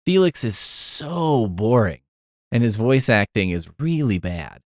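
A man's voice: medium pitch, very animated, a little slow, a little mellow, dry recording, studio quality. A man hosting a podcast, giving a rambling, profane, wry casual review of a film. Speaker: podcast host.

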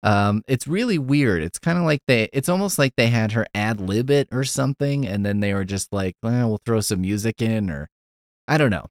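A man's voice: medium pitch, expressive, moderate pace, no room sound, studio quality. A man hosting a podcast, giving a rambling, profane, wry casual review of a film. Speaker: podcast host.

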